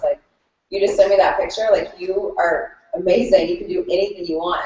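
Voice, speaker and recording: A woman's voice: fairly low pitch, brisk, darkish tone. A woman coach sharing a client story in a group, emotional and chatty, saying "like" constantly. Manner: chatty, says "like" a lot. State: emotional, near tears. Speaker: fitness coach. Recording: distant mic in an echoey room, dull.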